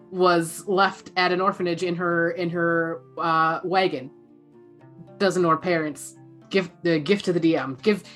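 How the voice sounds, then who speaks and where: Woman GM, casual table talk, low-pitched, giggly. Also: a bit bright. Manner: giggly, halting restarts. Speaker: game master. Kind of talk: casual chat about tabletop gaming.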